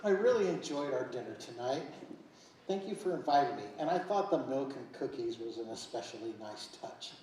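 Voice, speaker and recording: A woman's voice: very deep voice, lively intonation, a little fast, warm tone, slight background noise. A woman playing kindly old Kris Kringle. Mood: grateful. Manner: patient, coaxing storyteller tone. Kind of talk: community stage play. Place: stage in an arts center. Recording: echoey hall picked up from far off.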